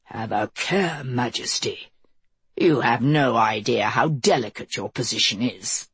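A woman's voice: a bass voice, expressive, measured pace, creaky, a bit bright, breathy edge, no echo, pitched below the performer's own voice, exaggerated voice. A woman voicing an angry, haughty older male church leader who snarls his words. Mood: menacing. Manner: snarling, cold, menacing.

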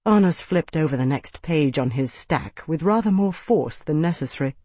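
A man narrating an audiobook in a measured, even storytelling voice. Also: fairly high pitch, no echo. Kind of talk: scripted narration.

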